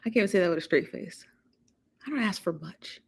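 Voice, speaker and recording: A woman's voice: lowish voice, animated, a little fast, vocal fry, breathy edge. Chatty woman hosting a livestream. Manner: chatty, laughing, teasing the chat. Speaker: live show host. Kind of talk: casual livestream chat.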